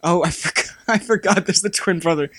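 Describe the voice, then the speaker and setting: A man's voice: sits high, a little fast, fairly bright tone, no room sound. A young man hosting a podcast, chatting casually, laughing often and restarting sentences. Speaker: podcast host. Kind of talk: casual chat.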